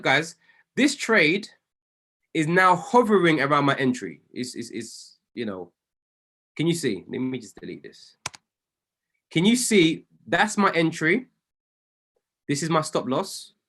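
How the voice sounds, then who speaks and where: Lively excitable man coaching. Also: a little high, takes it slowly, long pauses. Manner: excitable, self-correcting, apologizes often. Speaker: trading coach. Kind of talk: casual commentary while reviewing trades on screen.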